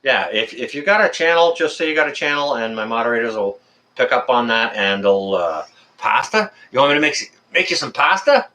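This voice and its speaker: A man's voice: mid-range voice, animated, fairly quick, pushed and bright. A man hosting a casual live stream from his apartment, chatting and reading viewers' messages aloud. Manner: chatty, talks to viewers and reads chat aloud.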